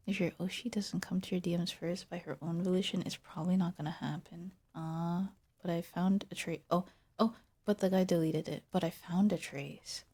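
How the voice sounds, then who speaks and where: A woman's voice: on the low side, fairly even intonation, moderate pace, warm tone, husky. A woman streamer in casual, giggly, self-mocking chat, often slipping into a whisper. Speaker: VTuber streamer.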